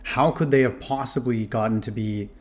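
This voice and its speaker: A man's voice: mid-range voice, moderate pace, darkish tone. A man casually commenting on a history video, rambling and correcting himself with many fillers. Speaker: reaction video host.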